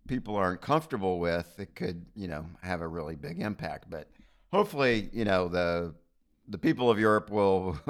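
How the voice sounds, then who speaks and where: An American man co-hosting a casual podcast, musing through his opinions in a halting, thoughtful way. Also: low voice. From United States. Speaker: podcast co-host. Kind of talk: casual chat.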